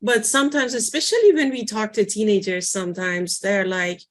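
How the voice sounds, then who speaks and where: Woman presenter, informal teaching talk, conversational, searching for words, medium pitch. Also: normal speed. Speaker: workshop presenter.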